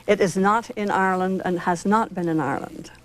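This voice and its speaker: A woman's voice: medium pitch, fairly quick, poor audio. A woman on a televised panel debate who answers firmly and emphatically, in a lecturing way.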